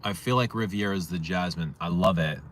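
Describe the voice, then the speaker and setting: A man hosts a casual fragrance livestream, speaking fairly quickly in a low-pitched, slightly bright voice. He reads viewer comments and answers their questions, rambling and repeating himself.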